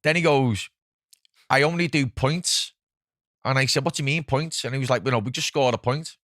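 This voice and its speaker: A man, a podcast host telling a fight story in a casual, heavily sweary, animated way. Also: mid-range voice, quick pace, no room sound, studio quality. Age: 40s. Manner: swears constantly, animated retelling with quoted voices.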